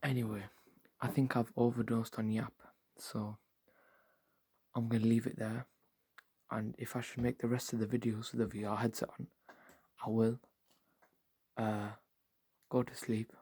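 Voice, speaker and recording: Soft-spoken man rambling in ASMR. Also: mid-range voice, little pitch movement, unhurried, pauses often, breathy edge, no echo. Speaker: ASMR creator.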